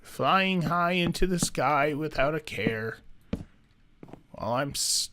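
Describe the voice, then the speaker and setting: Man, let's play commentary, slow pace, slightly high voice, thinking aloud to himself. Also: expressive, sharp tone, a little hiss or hum. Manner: thinks aloud, musing and self-talking. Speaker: gaming YouTuber.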